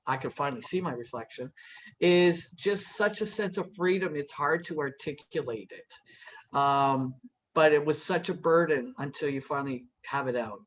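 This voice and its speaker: A man's voice: on the high side, normal speed, a bit bright, low-quality recording. A man speaking as a panel guest, telling a personal story in an earnest, reassuring way with frequent restarts.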